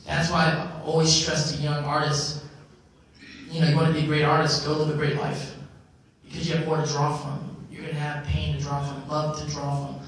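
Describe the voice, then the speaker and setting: A man speaking at a convention panel, answering audience questions in a reflective, animated way with many "you know"s. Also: on the high side, normal speed. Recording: echoey hall from far off, faint noise.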